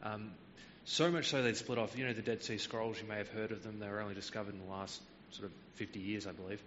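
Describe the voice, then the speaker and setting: A man delivers a Bible teaching sermon in a fairly low voice, explaining each verse carefully and pausing on the odd filler. The sound is slightly muffled and lo-fi. A long reverb trails behind him, with faint noise underneath. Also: steady tone, fairly bright tone. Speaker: preacher.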